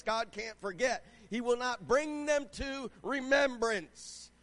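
A man's voice: extremely high pitch, a bit bright. A man preaching a sermon, reading scripture and calling out to the congregation with rising fervor. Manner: reads scripture aloud, asks the crowd "Amen?". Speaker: pastor.

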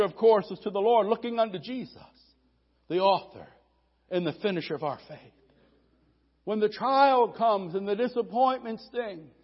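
A man preaching a sermon, moving from quiet teaching to shouted, rhythmic preaching. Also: extremely high pitch. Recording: dull lo-fi sermon audio.

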